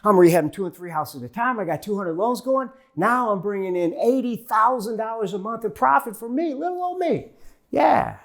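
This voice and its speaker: A middle-aged man with a high-pitched voice delivers a motivational keynote from a stage. He tells his story with energy and plays out each side of the conversations for the audience. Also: brisk, few pauses. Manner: animated storyteller acting out conversations. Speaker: keynote speaker. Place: stage before a live audience.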